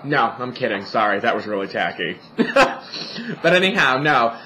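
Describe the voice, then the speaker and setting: A man's voice: mid-range voice, animated, moderate pace, bright, forceful tone, a little hiss or hum, low-quality recording. A young man in drag, vlogging from a family home indoors, chatting in a campy, sassy, profane and joking way. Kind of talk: campy casual vlog monologue.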